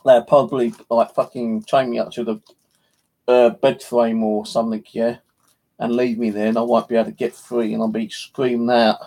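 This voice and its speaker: A man's voice: mid-range voice, little pitch movement, normal speed, mellow. An English man chatting casually on a live stream, rambling and joking crudely, with a slight lisp from missing teeth. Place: home.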